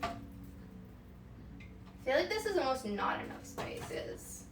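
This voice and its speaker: Cooking in her home kitchen, a woman chats casually on a stream, rambling with plenty of fillers and giggles. Her voice sits high and is very animated, with a slow pace and vocal fry. She's recorded from a distance, so the sound is roomy with faint background noise.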